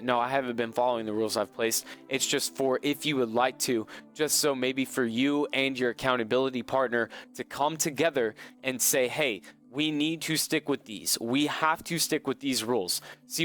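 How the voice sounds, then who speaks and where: A man hosting a live trading stream in a casual, earnest, coaching tone. He talks at an average pitch, circles back to his points and repeats phrases as he speaks. Soft music plays faintly behind him. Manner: earnest, motivational, repeats himself.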